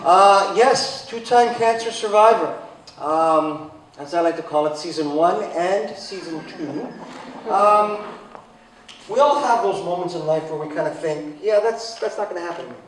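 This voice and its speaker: Casting: high-pitched funny man, forties, sarcastic storyteller on stage, distant mic. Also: moderate pace. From Italian heritage. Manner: sarcastic, comic, bursts into loud high exclamations. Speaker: event speaker. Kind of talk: live storytelling talk. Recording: echoey hall from far off, faint noise.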